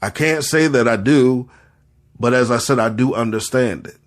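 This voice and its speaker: A man's voice: mid-range voice, moderate pace. Man, mid-range voice, earnest preacher cadence, repeats lines for weight, fighting back tears. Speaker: podcast host and spiritual leader. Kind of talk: impassioned spoken commentary.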